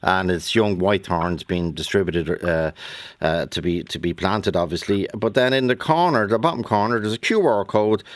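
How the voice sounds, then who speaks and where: Enthusiastic Dublin-accented radio host, low voice. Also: male voice, moderate pace, no room sound. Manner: enthusiastic, lavish with praise. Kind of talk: radio talk show chat.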